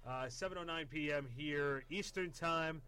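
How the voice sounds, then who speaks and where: A man co-hosting a live college radio show in a studio, joking and self-deprecating in quick, rushed bursts of casual banter. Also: fairly high pitch, bright, forceful tone, smooth.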